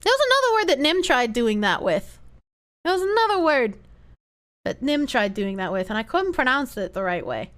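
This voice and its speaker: A woman chatting casually on her livestream, swearing freely as she reacts to videos. Her voice sits fairly high and is very lively in pitch. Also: moderate pace. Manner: animated, profane, reacting to videos. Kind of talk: casual chat.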